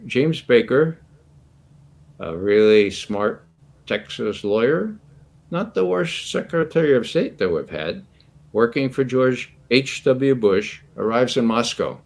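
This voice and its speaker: An older man in his eighties speaks as a guest commentator, telling stories in a loose, anecdotal way. His pitch rises and falls freely as he goes, and he breaks into chuckles now and then. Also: sing-song, takes it slowly, vocal fry. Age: 80s. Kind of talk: casual storytelling commentary.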